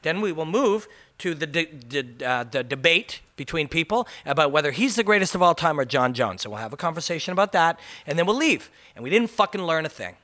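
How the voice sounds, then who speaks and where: A man's voice: a little high, very animated, brisk, sharp tone. A man hosting a ranting MMA commentary video, passionate and emphatic, swearing for punch.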